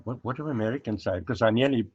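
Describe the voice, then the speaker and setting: An older South African man talks casually as an interview guest, reminiscing at an unhurried pace and often hesitating with fillers. His mid-range voice has a darkish tone and a breathy edge. The recording is dull and lo-fi with no echo.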